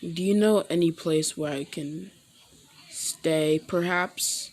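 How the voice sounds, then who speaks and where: A woman voicing a young man back from the void, speaking with stiff politeness and a quiet, saddened manner. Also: fairly high pitch, takes it slowly, a little hiss or hum. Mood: subdued, sad.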